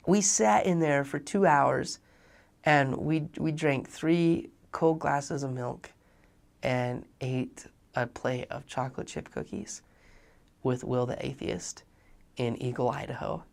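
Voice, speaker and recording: A young man telling a personal story in a talk, animated and acting out the dialogue of the people in it. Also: mid-range voice, creaky. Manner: animated, acts out quoted dialogue. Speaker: speaker.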